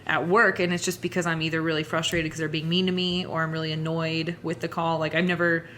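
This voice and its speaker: A woman's voice: low voice, little pitch movement, quick pace, a bit bright, a little hiss or hum. A young woman hosting a podcast in casual chat, frank and sweary, rambling with lots of filler words. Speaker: podcast host.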